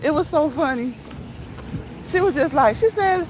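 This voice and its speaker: A woman vlogging while out on a walk, telling a story in a casual, animated way, laughing often and reading viewer comments aloud. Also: sits high, normal speed, noisy background. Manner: reads live chat comments aloud. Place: outdoors on a walk.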